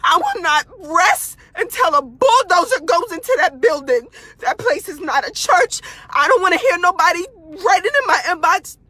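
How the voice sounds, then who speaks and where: High, tearful woman in distress. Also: animated, normal speed, pushed and bright, no room sound. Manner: distraught, pleading, repeating herself. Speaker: family member speaking out. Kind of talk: impassioned direct-to-camera appeal.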